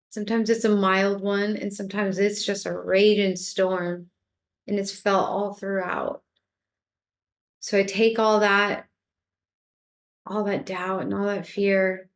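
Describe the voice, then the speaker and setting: A woman giving a calm spiritual talk as a teacher, gently coaxing and repeating herself as she guides listeners through a meditation practice. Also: medium pitch.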